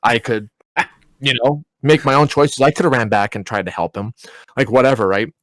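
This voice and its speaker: Animated guy telling a story. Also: medium pitch, moderate pace, no echo. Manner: animated, swearing, laughing retelling. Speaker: podcast co-host. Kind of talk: casual storytelling.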